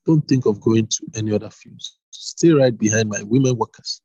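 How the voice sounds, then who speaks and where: A man voicing a kind, generous landowner in a read-aloud Bible story, with a husky voice close to his own. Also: on the low side, normal speed, mellow, no echo, lo-fi sound.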